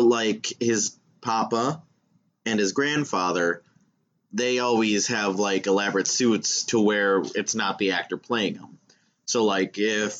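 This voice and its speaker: A man's voice: on the low side, fairly bright tone. A man co-hosting a casual podcast, joking and swearing as he talks about a film. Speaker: podcast co-host.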